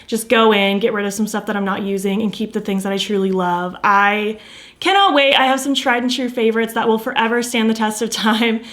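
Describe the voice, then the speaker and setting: A woman's voice: a little high, steady tone, fairly quick, a bit bright. A young adult woman chatting in a casual beauty vlog, bubbly and enthusiastic, her voice a bit tired from hours of filming. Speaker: beauty vlogger.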